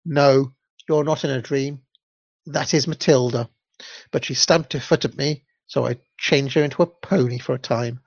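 A hoarse old witch woman, gravelly and slow, laying down the rules in a storybook tale, as a man reads her part. Her stern words come through a dry, muffled lo-fi recording. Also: mid-range voice, fairly even intonation, dry recording. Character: stern old magic woman picking blackberries.

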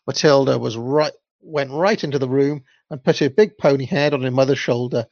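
Man, reading a children's story aloud, gravelly voice, unpolished, dry dull lo-fi recording. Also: mid-range voice, moderate pace, darkish tone, no room sound. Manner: unpolished, amused at the text.

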